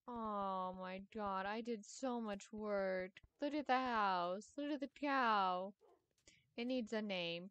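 Slow-talking, upset woman gamer. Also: medium pitch, clear, resonant tone. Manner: exasperated, rambling, swears freely. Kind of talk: casual gameplay commentary.

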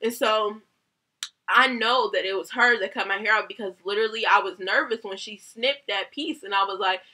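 A young woman, a hairstylist, telling a heated story about a bad salon visit, animated and swearing often. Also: medium pitch, normal speed. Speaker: hairstylist vlogger. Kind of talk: casual storytime rant.

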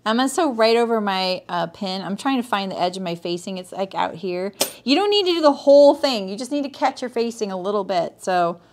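This sewing teacher hosts a livestream, walking her audience through each step in a chatty style. She greets viewers by name and keeps asking "right?" Her medium-pitched voice has lively intonation, and she talks briskly with hardly any pauses.

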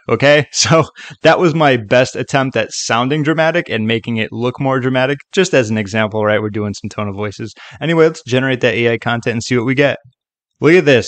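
Man, casual tutorial host, mid-pitched voice, chatty, dry close sound. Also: brisk, no room sound. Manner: relaxed, chatty, frequent "okay" and "right". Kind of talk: casual screen-recorded tutorial.

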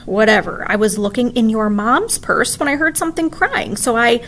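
Teacher lady doing a whiny stubborn little girl, voice pitched way up, storybook style. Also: lively intonation, normal speed, a bit bright, slight background noise. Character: bold, impatient young girl.

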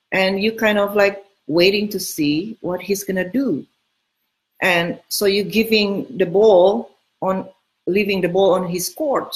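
Middle-aged female dating coach, casual, frank and emphatic, medium pitch. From Southern California home. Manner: frank, emphatic, repeats key words. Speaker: dating coach answering listener questions. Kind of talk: casual advice talk.

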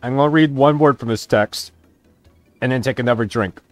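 A woman's voice: rumbling low, fairly quick, darkish tone, dry recording. A woman giving casual, joking commentary while playing a game, with faint game music behind. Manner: offhand, joking asides. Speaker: gaming streamer.

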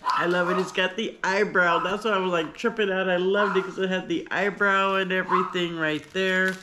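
A woman hosting a casual unboxing vlog, talking in a gushing, excitable way. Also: fairly low pitch, normal speed, background noise. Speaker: vlogger host. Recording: paper crinkling and clicks behind.

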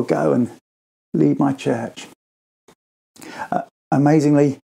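A man gives a school assembly talk in a relaxed, gravelly voice with a dark, mellow tone. He tells the story informally to children, lifting his pitch sharply whenever he acts out what a character says. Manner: informal, acts out quoted lines with pitch jumps.

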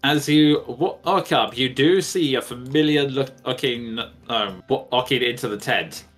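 A man narrating as game master, halting and often restarting his words. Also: mid-range voice, fairly bright tone, soft background music.

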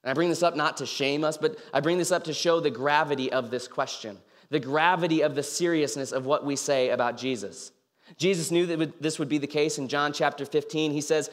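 A man's voice: fairly high pitch, a little fast. A young man giving an informal sermon, telling the story casually with many fillers and acting out the people he quotes. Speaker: campus ministry speaker. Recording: reverberant hall.

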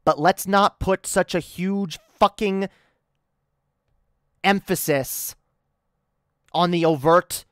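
On the low side, her voice comes through clean studio sound without echo. She is livestreaming an angry rant, annoyed and swearing a great deal, with frequent stammers and restarted sentences.

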